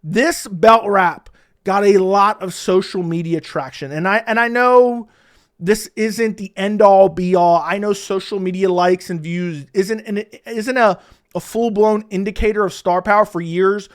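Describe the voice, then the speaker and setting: High-pitched guy ranting hard about fight commentary, heated and fast. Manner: heated, ranting, mocks others in whiny voices. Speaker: MMA commentator. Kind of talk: opinionated solo commentary.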